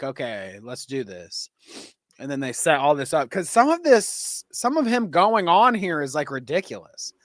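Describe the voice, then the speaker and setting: A man's voice: on the high side, a bit bright, no room sound, clean studio sound. A middle-aged man co-hosting a podcast, riffing casually with lots of laughter and swearing. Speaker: podcast co-host. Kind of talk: casual chat reacting to clips.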